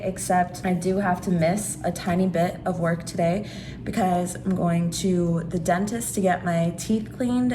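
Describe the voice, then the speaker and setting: A woman chatting casually in a daily vlog, talking to viewers with plenty of "like" fillers. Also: lowish voice. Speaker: vlogger. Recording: noticeable background noise.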